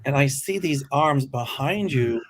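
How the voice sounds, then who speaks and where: A man's voice: mid-range voice, expressive, a little slow. A man hosting a live psychic stream, reading viewers' questions aloud and answering them plainly. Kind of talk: casual live-stream chat.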